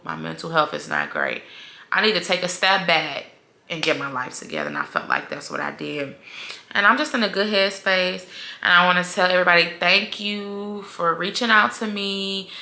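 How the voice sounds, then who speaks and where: A young woman talks straight to her viewers in a loose, rambling vlog style. Her low voice carries gravelly fry and a bright, forceful edge. The room around her rings with echo. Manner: chatty, rambling, heavy use of "like". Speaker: vlogger. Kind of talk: casual personal vlog talk.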